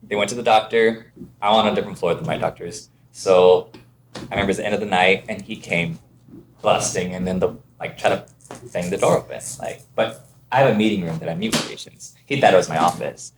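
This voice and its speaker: A man's voice: low-pitched, fairly quick, a little hiss or hum. A man from Ontario, Canada, a podcast guest telling casual stories and acting out the other voices in them. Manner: animated, acts out quoted voices. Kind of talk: casual storytelling.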